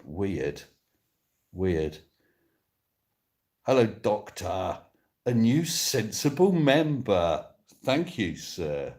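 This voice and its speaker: A man's voice: on the low side, darkish tone. A man from Devon streaming live from his phone on a sofa, chatting casually and reading viewer comments aloud in a playful, joking way. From Devon, England. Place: indoors on a sofa.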